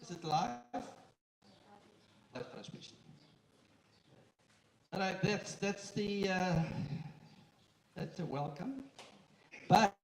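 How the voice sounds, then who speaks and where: A man who chairs a company, giving a live welcome speech to an audience, joking and using halting fillers. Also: sits high, expressive. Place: indoor event room with an audience. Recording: echoey room, far from the mic, faint noise.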